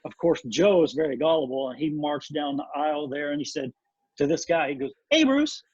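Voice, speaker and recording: A man guesting on a podcast, telling animated anecdotes and laughing often, with a dull lo-fi sound. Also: a little high, fairly quick, breathy edge, no echo. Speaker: guest, former band drummer. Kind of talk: casual storytelling in a podcast interview.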